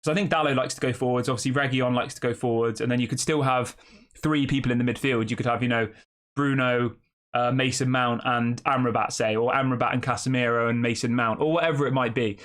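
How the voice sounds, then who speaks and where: A man in a middle pitch hosts his fan channel in a loose, conversational way. He thinks out loud, trips over names and corrects himself, and keeps throwing rhetorical questions at his listeners. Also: fairly even intonation, fast talker. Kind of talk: casual opinion commentary.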